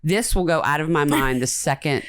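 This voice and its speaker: A woman's voice: sits low, normal speed, no echo. A woman hosting a podcast in casual, profane, rambling chat after a few drinks. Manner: profane, rambling, laughs easily. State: been drinking. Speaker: podcast host.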